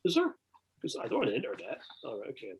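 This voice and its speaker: A Scottish man, a podcast guest, telling an anecdote in casual chat, excitable, swearing a lot and restarting his sentences. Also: medium pitch, rapid-fire, vocal fry, muffled recording, a crowd in the background.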